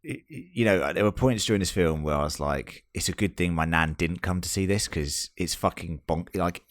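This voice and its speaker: A man's voice: low voice, normal speed, no room sound, clean studio sound. A man in his thirties hosting a casual podcast chat, bantering and swearing freely. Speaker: podcast host.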